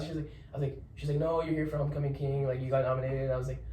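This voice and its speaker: A young man, a podcast guest, telling a story in casual chat. He rambles, repeats words and gives lots of shout-outs. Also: mid-range voice, little pitch movement, rapid-fire. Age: young adult. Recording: roomy echo, distant mic, faint noise.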